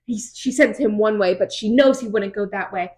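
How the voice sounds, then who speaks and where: A young woman co-hosting a podcast, recapping chapters in an animated, chatty way with lots of fillers. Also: medium pitch. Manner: animated, quick storytelling with many fillers. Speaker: podcast co-host. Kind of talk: casual book recap chat.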